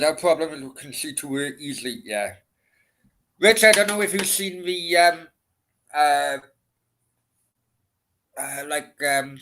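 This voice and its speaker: A man in his forties in casual football chat, swearing and reading out scores in quick bursts. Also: medium pitch, bright, forceful tone. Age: 40s.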